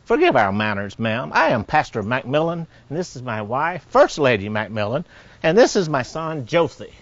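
A man's voice: mid-range voice, big pitch swings, moderate pace, dry recording. A man playing a stern formal pastor. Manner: formal and scolding. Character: stern, formal small-town pastor and father. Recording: dry, dull film audio.

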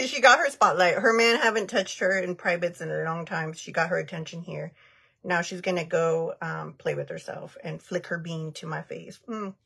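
A makeup artist in her thirties livestreams a tutorial, chatting casually while she does her makeup, answering comments bluntly and laughing often. Her voice is on the low side, steady and at normal speed, gravelly and fairly bright with a breathy edge.

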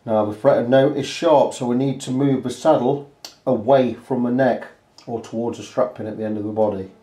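A man's voice: medium pitch, fairly even intonation, normal speed, warm tone. A man who works as a guitar repair technician, casually talking through each step of a fret job in his workshop with plenty of fillers. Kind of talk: workshop tutorial talk. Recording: echoey workshop room.

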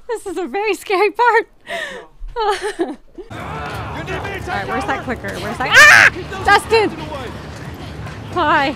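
A woman streamer reacting to a game, jumpy and excitable, often screaming, laughing and swearing. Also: extremely high pitch, takes it slowly, long pauses, a crowd in the background. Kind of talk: live gameplay reactions. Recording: game noise under the voice.

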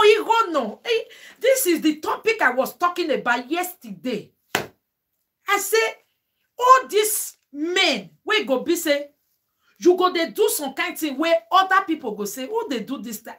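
A woman's voice: extremely high pitch, pushed and bright. A woman vlogger with a Nigerian Pidgin accent, talking casually and emphatically to her viewers with preachy asides. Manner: emphatic, exclaiming.

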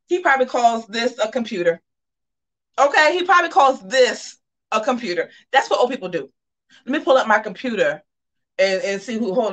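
Sassy, animated woman gossip host. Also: a little high. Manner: animated, sassy, with drawn-out asides to viewers. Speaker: host of a live gossip show. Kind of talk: casual live commentary.

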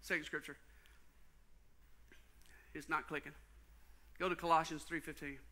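A pastor preaching a sermon, telling a personal story with folksy asides to the congregation. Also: male voice, fairly high pitch, level tone, moderate pace, bright, forceful tone. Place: church sanctuary.

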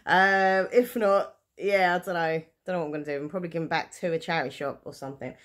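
Speaking quickly in a low, fairly even voice, this vlogger shows off things she's selling online. Her talk is casual and meandering, full of self-deprecating remarks and frequent giggles.

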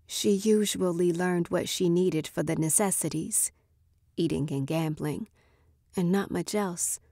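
A woman narrating a short story in a measured, expressive reading. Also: fairly low pitch, no echo, clean studio sound.

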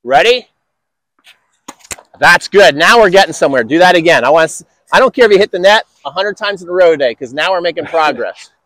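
A man's voice: high voice, expressive, brisk, a bit bright. A man coaching tennis on an outdoor court, upbeat and encouraging with enthusiastic praise.

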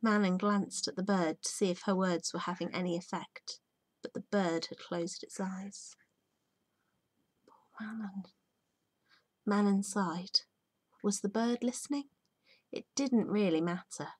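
Woman teacher reading a storybook aloud, soft and hushed, dry close sound. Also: medium pitch, steady tone, unhurried, long pauses, no echo. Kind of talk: reading a children's book aloud.

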